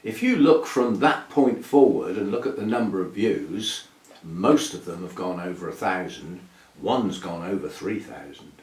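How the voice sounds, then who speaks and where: A man's voice: sits low, lively intonation, a little slow, distant mic. Rambling man in an echoey room. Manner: rambling and chatty, with fillers and soft laughs. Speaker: orchid channel host. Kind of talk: casual chat to camera. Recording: echoey room, voice a bit off-mic.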